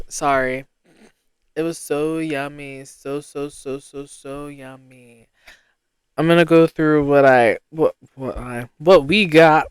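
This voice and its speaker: A young woman from Rhode Island hosting a casual solo podcast, rambling and self-deprecating with sudden bursts of excitement. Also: sits low, a little slow, smooth, dry recording. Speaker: podcast host.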